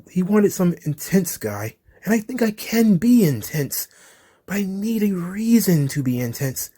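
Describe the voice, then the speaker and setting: A male podcast host with a voice pitched a little high, which swings widely as he talks. He is loose and profane and breaks into laughter often. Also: warm tone. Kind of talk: casual commentary.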